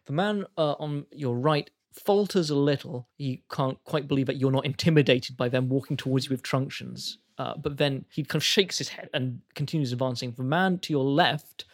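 Man, game master, easygoing narration, mid pitch, occasional chuckle. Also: moderate pace, hardly any pauses.

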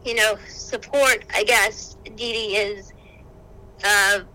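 A young woman telling stories in a casual chat, animated and quick to exclaim. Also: mid-range voice, poor audio. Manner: animated storyteller, exclaims often. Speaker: guest, social work graduate student. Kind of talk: casual conversation.

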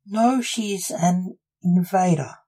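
A reader puts on a hateful male conspiracy nut in a spoken story. He speaks slowly, in a very dark, mellow tone. The delivery stays close to an everyday reading voice. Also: medium pitch. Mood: snarling.

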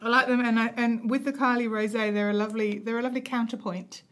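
A woman's voice: on the high side, steady tone, fast talker, noisy background. Chatty woman, middle-aged. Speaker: podcast co-host. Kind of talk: casual chat.

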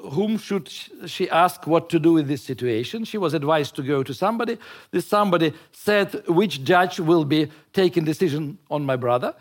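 A man from Ukraine, telling stories in an interview in a halting, reflective way. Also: on the high side. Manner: halting and reflective, searching for words in a second language. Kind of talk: personal storytelling in an interview.

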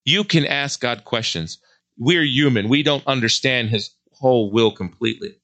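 A man speaking as host of a religious commentary show, in a bright, forceful voice. He preaches earnestly and drives his points home with slow, repeated phrases. His pitch sits in an ordinary middle range for a man.

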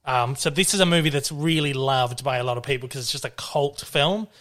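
A man chatting casually about movies, his pitch sitting in an ordinary middle range. He rambles, breaks off, restarts sentences and swears freely. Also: a little fast, fairly bright tone. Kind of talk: casual chat about films.

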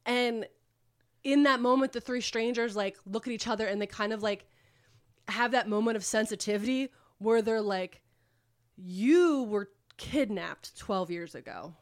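A woman's voice: a little high, steady tone, moderate pace. Chatty woman retelling a story. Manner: rambling, profane retelling with filler words. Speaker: podcast co-host. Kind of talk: casual book recap chat.

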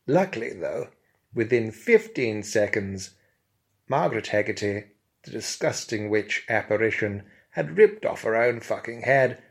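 A man's voice: lowish voice, animated, measured pace, gravelly. A man narrating an absurd comic tale in a pompous, mock-grand manner. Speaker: comic storyteller.

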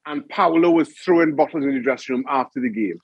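A man's voice: a little high, quick pace, husky, dry recording, dull audio. A middle-aged man, a former goalkeeper, chatting as a guest and telling stories with laughter. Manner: animated storyteller, laughs often. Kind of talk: casual interview chat.

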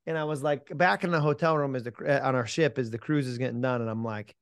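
A man's voice: medium pitch, fast talker, hardly any pauses, smooth, no echo. Emphatic man telling a story, dry sound. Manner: emphatic, punchy, casual swearing, calls listener "man". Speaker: mental performance coach, podcast guest. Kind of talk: animated storytelling in an interview.

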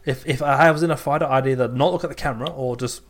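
Young man, podcast co-host, teasing, playful banter, mid-pitched voice. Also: fast. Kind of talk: casual chat.

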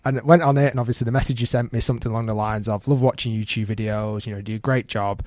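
A man's voice: medium pitch, very fast, dry recording, studio quality. A man hosting a casual podcast, telling stories with animation and acting out quoted lines. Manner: animated storyteller, acts out quotes. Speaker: podcast host. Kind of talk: casual chat.

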